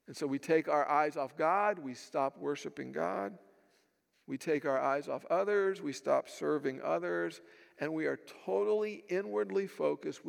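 A man's voice: on the high side, gravelly, long reverb tail. A man preaching a sermon, telling stories and asking rhetorical questions, acting out the voices of the people he quotes. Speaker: pastor.

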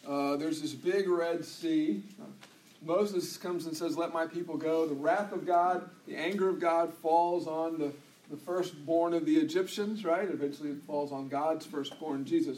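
A man's voice: fairly high pitch, a little mellow, a little hiss or hum. A pastor preaching a conversational sermon to his church, with frequent restarts and asides.

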